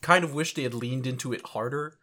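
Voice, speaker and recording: A man's voice: medium pitch, brisk, bright, forceful tone. A man co-hosting a podcast in casual chat, easygoing and teasing. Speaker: podcast co-host.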